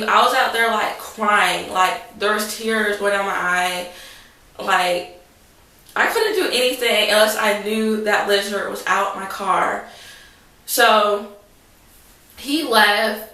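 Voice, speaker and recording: Speaking slowly in a medium-pitched voice that sounds pushed and bright, a young vlogger rambles through a dramatic, casual story for the camera, saying "like" constantly. The recording carries a roomy echo from a distant mic.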